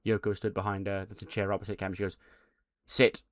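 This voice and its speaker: A man's voice: low-pitched, completely flat delivery, very fast, no echo, studio quality. A man casually narrating a game playthrough, swearing as he recaps events. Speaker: game channel host.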